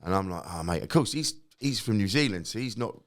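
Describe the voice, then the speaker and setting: A middle-aged comedian tells his anecdotes in a fairly low voice. He acts out the other people's lines as he goes and swears freely. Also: fairly quick. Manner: lively storyteller who acts out quotes, swears freely. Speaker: guest comedian. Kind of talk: casual anecdote telling.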